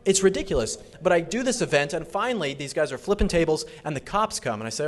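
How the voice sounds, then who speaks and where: A man delivering an emphatic fundraiser speech. His voice sits a little high, and he repeats his points for force. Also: big pitch swings, quick pace, hardly any pauses. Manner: emphatic, repetitive. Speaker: political speaker.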